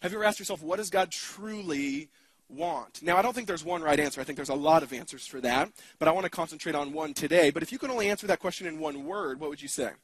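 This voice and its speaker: A man's voice: on the high side, racing, hardly any pauses, no room sound. A man giving a conversational keynote sermon at a conference, casual and self-deprecating, with lots of fillers and restarts. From United States.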